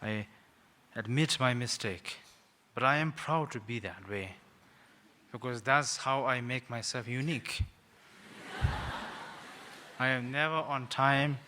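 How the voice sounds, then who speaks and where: Man rambling through a gentle teaching talk. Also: medium pitch, takes it slowly, pauses often, slight background noise. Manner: rambling, self-mocking, with frequent "sort of" and hesitations. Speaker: Buddhist teacher, guest speaker. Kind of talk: informal teaching talk to young people.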